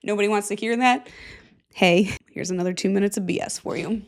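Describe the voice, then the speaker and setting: A woman's voice: mid-range voice, a little fast. A woman hosting a casual solo podcast, goofy and self-mocking, with plenty of swearing. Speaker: podcast host.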